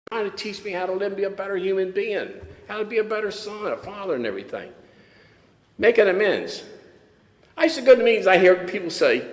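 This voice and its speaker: Older Texan man telling his story in an echoey hall. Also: sits high. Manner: plainspoken storytelling with wry humor. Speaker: AA speaker. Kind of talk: recovery meeting share. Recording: echoey hall with long reverb.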